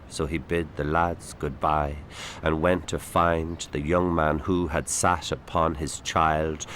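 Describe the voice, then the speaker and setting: A man reciting a rhyming narration in a slow, solemn storytelling manner. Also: very deep voice, noisy background.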